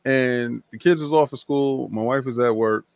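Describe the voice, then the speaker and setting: A man, a guest telling a long story in a casual interview, animated and acting out other people's lines. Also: medium pitch, normal speed, gravelly. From New York.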